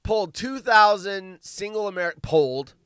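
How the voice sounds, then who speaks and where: A man's voice: high-pitched, lively intonation, moderate pace, fairly bright tone, smooth. A man hosting a casual chat show, reading news stories aloud with rambling jokes and stumbles. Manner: rambling, joking, stumbling over words while reading. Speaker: show host.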